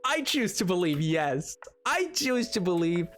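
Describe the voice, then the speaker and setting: Male streamer, high and expressive, unhurried, giggly, rambling casual chat. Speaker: livestreamer. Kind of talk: casual chat while gaming.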